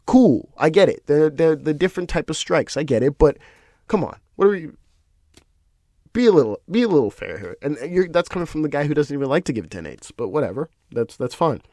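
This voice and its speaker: A man hosting his own podcast, talking casually in an animated, profane, ranting way. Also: on the high side, fast talker, hardly any pauses, no room sound, clean studio sound. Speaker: podcast host. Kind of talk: casual solo commentary.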